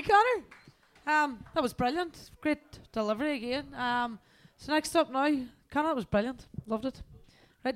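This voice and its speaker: A woman's voice: high-pitched, a bit bright. A woman hosting an open mic, thanking a performer and introducing the next act in a casual, appreciative way. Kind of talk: introducing acts on stage.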